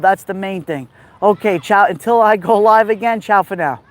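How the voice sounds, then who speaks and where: A man's voice: high voice, moderate pace. A man vlogging outdoors, out of breath, talking emphatically and repeating himself to his viewers. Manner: emphatic, repetitive, addresses viewers directly. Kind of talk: walking vlog monologue. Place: outdoors on a city street near a beach.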